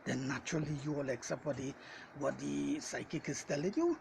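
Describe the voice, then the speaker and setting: Guy preaching at the camera, kinda high voice, repeats himself over and over, ladies and gentlemen, faint hiss. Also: brisk, creaky, low-quality recording. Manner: repetitive, hammering refrains; addresses listeners directly as ladies and gentlemen. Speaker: self-styled Bible teacher. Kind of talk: preaching video message.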